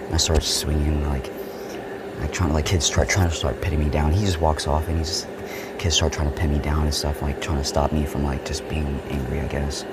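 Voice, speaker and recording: A man casually telling a story from his school years, acting out the voices and swinging from whispers to shouts. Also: extremely low pitch, little pitch movement, a little fast, heavy background noise. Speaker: vlogger.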